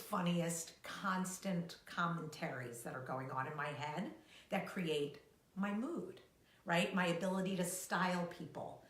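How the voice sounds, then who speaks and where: Animated woman coach in an echoey room. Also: fairly low pitch. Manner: animated, laughing, acts out her inner voice. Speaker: co-founder and life coach. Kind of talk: casual live-stream coaching talk.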